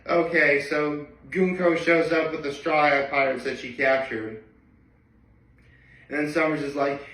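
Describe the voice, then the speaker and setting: A man's voice: a little high, far from the mic. Chatty man in an echoey room. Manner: chatty, excitable, reads lines in quick voices. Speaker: manga reaction vlogger. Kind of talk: casual chapter read-through.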